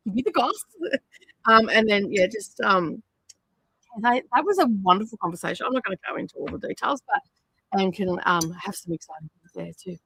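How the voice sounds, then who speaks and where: A woman's voice: mid-range voice, very animated, brisk, bright, forceful tone, breathy edge, dry recording, poor audio. A woman hosting a crafting livestream, chatting casually and rambling with many fillers. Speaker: livestream host. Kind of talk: casual chat while crafting. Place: home craft studio.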